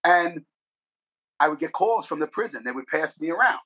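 A middle-aged man with a New York accent, from the Bronx, telling rapid, profane, animated stories in a casual interview. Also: on the high side. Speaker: guest actor. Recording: dull lo-fi podcast audio.

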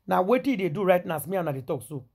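A Nigerian woman running a celebrity gossip vlog in Pidgin-laced English, loud with exclamations and repeated phrases. Her voice is husky, and her pitch swings widely as she dramatizes each point. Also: animated, racing. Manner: theatrical, exclaiming, repetitive.

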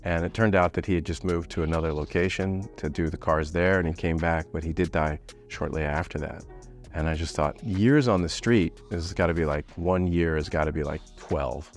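A man's voice: fairly even intonation, moderate pace, soft background music. A middle-aged man from the United States telling a personal story in a conversational way, raising his voice to act out what others said. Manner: conversational, acts out quoted voices with raised pitch.

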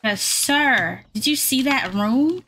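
A woman giving casual gameplay commentary, chatting to her viewers and getting excitable during fights. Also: sits high, takes it slowly, slight background noise. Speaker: gaming YouTuber.

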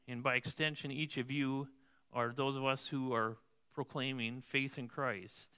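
In church, a pastor reads scripture and explains it conversationally, often checking in with the congregation and tagging lines with "right?". His mid-range voice is clear, resonant, and sharp, with fairly even intonation and an unhurried pace.

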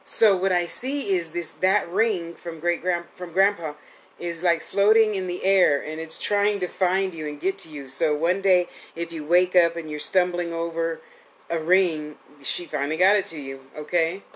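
A woman's voice: on the low side, moderate pace, a little hiss or hum, low-quality recording. A woman in her fifties giving a live-streamed psychic reading, chatty and affectionate, rambling with restarts. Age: 50s. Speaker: psychic medium host.

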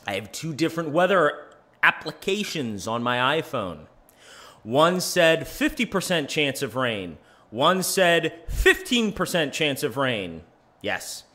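A man's voice: on the high side, very animated, takes it slowly, pushed and bright. A man hosting his own podcast in a rambling, self-deprecating, chatty monologue. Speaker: podcast host.

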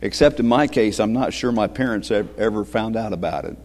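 A man giving a children's sermon as pastor, speaking gently, asking the kids questions and chuckling often. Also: on the low side, fairly quick, slight background noise. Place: church sanctuary. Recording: long reverb of a church sanctuary.

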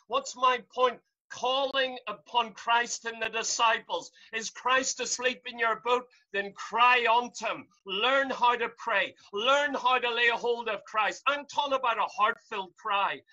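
Guy preaching from home on a video call, sharp tense voice, pleads and shouts. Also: extremely high pitch, rough recording. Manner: fervent, repetitive pleading cries, rising to shouts. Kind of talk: sermon.

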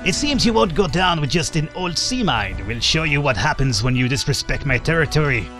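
A man's voice: a little high, sing-song, fairly quick, music in the background. A man voicing a menacing male pirate captain in a video game playthrough, with growling pirate talk. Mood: threatening.

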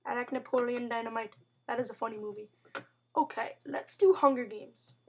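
A young woman chatting excitably over her gameplay, with sudden outbursts and playful mock growls. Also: on the high side, moderate pace, slight background noise. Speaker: gamer narrating gameplay. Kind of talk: casual let's-play commentary.

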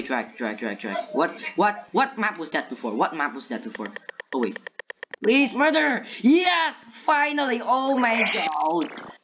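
A woman narrates her match as it happens, muttering to herself and calling out to her opponent. Her voice sits low yet leaps all over the place as she startles and panics. The mic sounds dull and lo-fi, with a faint hiss underneath. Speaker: gameplay commentator. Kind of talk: live gameplay commentary.

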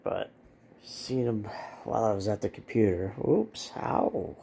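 A man with a froggy, hoarse voice from allergies, casually cooing affectionately at his cat while filming it for a vlog. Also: on the low side, lively intonation, measured pace, dark tone, slight background noise.

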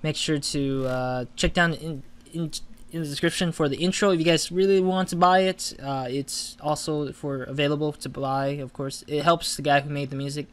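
A man's voice: fairly high pitch, fairly even intonation, normal speed, few pauses. A man hosting a gaming channel, giving casual let's-play commentary, chatty and flustered when he loses.

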